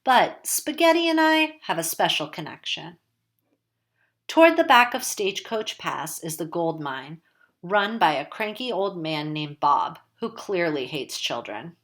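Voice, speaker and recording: A woman narrating a first-person novel with a slightly low voice. Her delivery is casual and wry, like someone chatting about her own life. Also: expressive, unhurried, fairly bright tone. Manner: casual, wry, conversational storytelling. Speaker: audiobook narrator.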